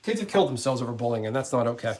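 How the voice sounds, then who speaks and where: A man's voice: mid-range voice, sing-song, very fast, a little mellow, a little hiss or hum. A man streaming from his gaming channel, chatting casually with viewers in a rambling, blunt way and cursing freely.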